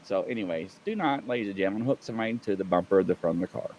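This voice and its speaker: A man, co-hosting a casual video-call show and telling a lively story while acting out the other people in it. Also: fairly low pitch, racing, very noisy. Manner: animated storyteller, acts out voices of others. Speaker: podcast co-host, former police officer.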